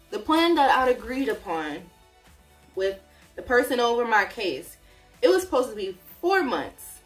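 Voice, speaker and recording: A woman vlogger telling a story in a casual way, acting out her own reactions as she goes. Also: fairly high pitch.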